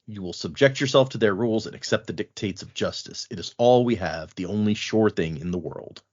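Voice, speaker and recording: A man's voice: fairly low pitch, highs cut off, pitched below the performer's own voice, close to an everyday voice. A man doing a grave stern law enforcer. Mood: solemn. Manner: solemn, measured.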